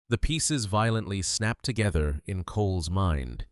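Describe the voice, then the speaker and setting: A man reading a dramatic story as a narrator, in a measured storytelling manner. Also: deep voice, lively intonation, no room sound, studio quality.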